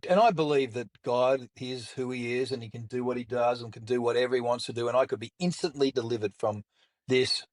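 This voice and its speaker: Blunt man telling his story. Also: medium pitch. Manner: blunt and colorful, with mild swearing. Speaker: guest, author and speaker. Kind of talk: candid storytelling in conversation.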